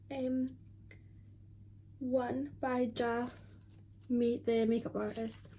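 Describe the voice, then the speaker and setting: A woman's voice: a little high, dark tone, a little hiss or hum. A twenty-year-old woman, chatting casually and rambling with lots of fillers while doing her makeup at home. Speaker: beauty vlogger.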